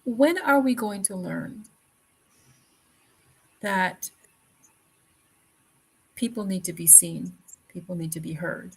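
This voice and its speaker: A woman's voice: fairly low pitch, expressive, slow pace, pauses often, husky, low-quality recording. A woman hosting a talk show, speaking earnestly with repeated phrases and many fillers. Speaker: podcast host. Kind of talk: conversational talk show chat.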